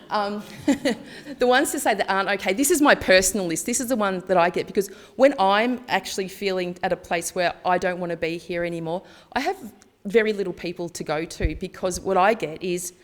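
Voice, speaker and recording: At a conference, a woman tells personal stories in a candid, chatty presentation, performing the dialogue as she goes. Her voice sits in the mid range and moves fairly quickly.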